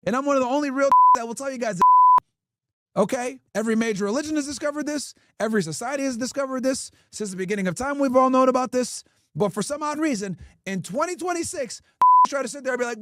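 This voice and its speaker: High, animated man ranting to chat. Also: brisk, no room sound. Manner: emphatic, mocking, repeats rhetorical questions. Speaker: streamer and podcast host. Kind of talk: ranting commentary to a live chat.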